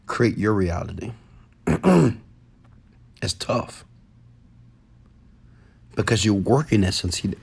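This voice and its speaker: Guy doing a motivational talk, preachy, repeats stuff, goes quiet then loud. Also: slightly rough. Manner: preachy, repeats phrases, swings between low murmurs and raised voice. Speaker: motivational speaker.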